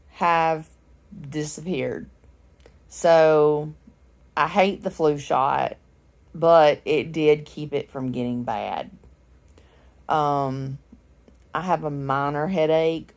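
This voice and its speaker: A woman's voice: deep voice, a little mellow. A woman, chatting casually and rambling with filler words as she vlogs her day. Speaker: vlogger. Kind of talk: casual vlog chat. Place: parked car in a parking deck; at home in a recliner.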